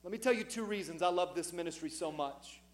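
A middle-aged pastor, his voice high for a man, delivers a sermon in a church sanctuary a little fast. He preaches with emphasis, getting louder with every key point.

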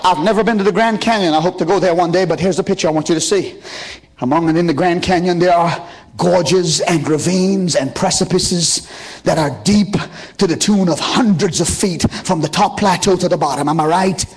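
A man preaching a sermon in a rhythmic call-and-response style, building up to shouted passages. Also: high-pitched, moderate pace, husky.

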